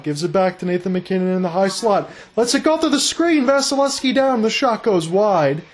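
A man calling live hockey play-by-play, rapid and excited, rising with the action. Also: high voice. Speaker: play-by-play announcer.

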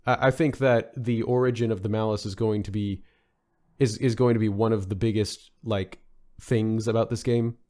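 A man's voice: fairly low pitch, fairly even intonation, normal speed, a little mellow. Man musing, lots of fillers. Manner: rambling, many fillers and restarts. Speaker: podcast guest. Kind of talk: casual podcast discussion.

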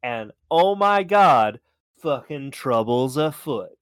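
Male podcast co-host, clear dry voice, animated and crude in casual chat. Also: mid-range voice, slow pace, no echo. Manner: animated, swearing, laughing storyteller.

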